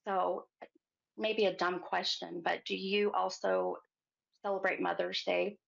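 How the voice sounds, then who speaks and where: A woman hosting a psychic show, giving a gentle reading to a caller and calling her hon. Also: mid-range voice, level tone, unhurried, creaky. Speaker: psychic medium host. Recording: muffled lo-fi sound.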